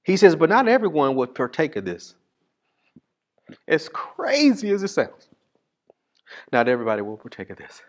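A male pastor preaching a sermon in a casual, call-and-response style, reading scripture slowly and swinging from loud bursts to hushed asides. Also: a little high, wildly swooping pitch.

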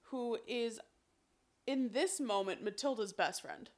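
A woman co-hosting a podcast, casually recapping a musical with lively, swearing retellings. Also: a little high, takes it slowly. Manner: animated, swears casually, acts out quotes. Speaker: podcast co-host.

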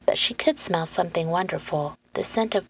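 Woman storyteller, low and gravelly, calm storybook reading. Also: brisk. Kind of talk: storybook narration. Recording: muffled lo-fi recording, faint hum.

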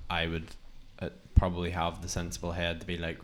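Deep-voiced young man. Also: completely flat delivery, a little fast, darkish tone. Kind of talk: casual podcast chat.

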